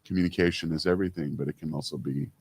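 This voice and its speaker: A man's voice: deep voice, steady tone, rapid-fire, a little mellow, husky. A man in his fifties co-hosting a casual talk show, telling stories with many "you know" fillers. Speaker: co-host. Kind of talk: casual radio-style chat.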